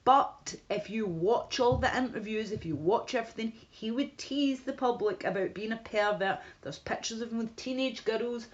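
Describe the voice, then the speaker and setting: A woman's voice: fairly high pitch, normal speed, few pauses. A woman chatting casually on a livestream, rambling with restarts and asides to her viewers. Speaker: livestream host. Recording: dull lo-fi stream audio.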